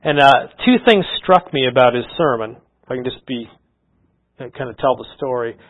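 A man's voice: mid-range voice, moderate pace. A middle-aged man preaching a sermon in an earnest, conversational way, often restarting his sentences. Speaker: pastor. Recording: slightly dull lo-fi sound.

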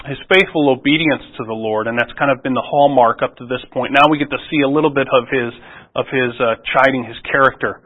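A man's voice: on the high side, a bit bright, rough recording. A man preaching a sermon in a conversational way, often restarting phrases and asking rhetorical questions.

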